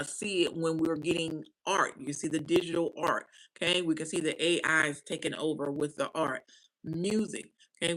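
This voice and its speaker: A woman's voice: low-pitched, rough recording. A woman giving casual commentary to camera, emphatic and repetitive, punctuating her points with "right?" and "okay?". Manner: animated, preacher-like cadence. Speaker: commentary vlogger.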